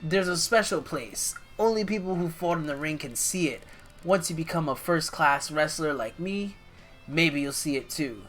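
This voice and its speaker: A woman's voice: sits low, lively intonation, normal speed, soft background music. A woman reading the lines of a blunt, brash older male wrestling coach in a video game.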